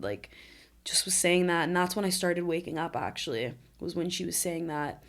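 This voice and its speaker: Earnest young woman, low voice. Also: moderate pace. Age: 20s. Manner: candid, earnest, often emotional storytelling. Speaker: podcast guest. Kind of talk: conversational interview.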